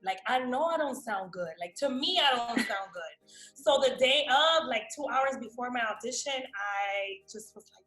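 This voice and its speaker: A woman with a slight New York-tinged American accent, a guest actress telling a story in a casual interview, animated, swearing freely and acting out the voices of people she quotes. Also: a little high, moderate pace. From Miami, USA. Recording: roomy echo with faint music.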